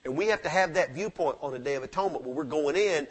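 A man pastor preaching a sermon in a church, fervent, swinging between loud peaks and quiet asides. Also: fairly high pitch, quick pace, hardly any pauses, slightly rough. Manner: fervent preaching that rises and drops sharply. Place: church sanctuary with amplified mic.

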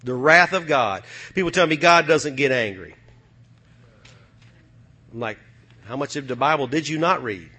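A man's voice: medium pitch, lively intonation, moderate pace, pauses often, bright, forceful tone, husky. A man preaching a sermon as pastor before a live congregation. He speaks emphatically, rallying the room with repeated calls and rhetorical questions.

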